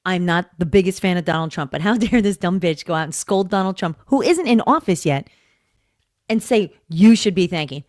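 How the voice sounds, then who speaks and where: A woman's voice: on the low side, expressive, a little fast, no room sound, studio quality. A woman co-hosting a podcast, blunt, profane and mocking in casual chat. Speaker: podcast co-host.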